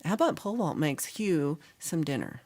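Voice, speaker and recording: Teasing woman with a low, lively voice. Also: moderate pace. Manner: teasing, chatty, reads chat aloud. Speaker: livestream host. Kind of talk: casual chat with live chat.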